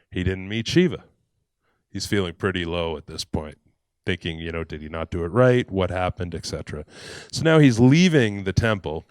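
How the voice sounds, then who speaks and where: Brief: man, storytelling talk, lowish voice, dry close sound. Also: clear, resonant tone, no room sound. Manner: conversational, with fillers and acted quotes. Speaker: speaker.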